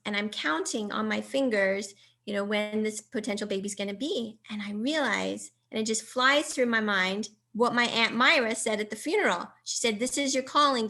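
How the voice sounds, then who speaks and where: A middle-aged woman giving a personal storytelling talk, acting out quoted dialogue with lively jumps in her voice. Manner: animated, acts out quoted dialogue with pitch jumps. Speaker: speaker.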